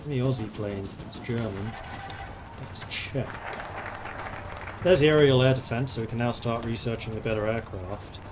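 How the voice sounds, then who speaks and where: A man's voice: mid-range voice, moderate pace, crowd noise, noisy background. A man streaming a strategy game, thinking aloud in a chatty, playful way as he plays. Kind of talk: casual gameplay commentary.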